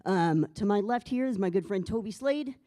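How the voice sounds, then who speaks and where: A man's voice: sits high, expressive, normal speed, dark tone. A man, a musician, introducing himself and his set from a stage in an earnest, plain-spoken way. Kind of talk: spoken introduction before a performance. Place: stage at a live literary music event.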